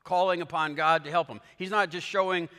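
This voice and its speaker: A man delivers a sermon from a church stage, his bright, forceful voice ringing out in a long hall reverb. He speaks slowly and deliberately, and his voice sits a little high for a man. He acts out quoted lines with dramatic emphasis. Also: fairly even intonation. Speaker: pastor.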